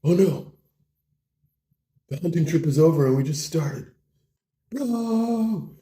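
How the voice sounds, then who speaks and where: A man's voice: lowish voice, little pitch movement, slow pace, mellow. A man voicing a loyal, panicky young male hunter who talks in slang, calling everyone bro and dude. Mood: alarmed. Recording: roomy echo.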